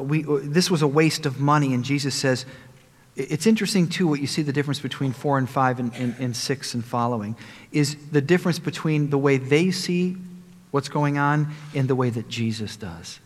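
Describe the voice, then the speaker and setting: A man preaching a sermon as pastor, emphatic and rising loud on the lines he quotes, with some halting restarts. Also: mid-range voice. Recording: long hall reverb.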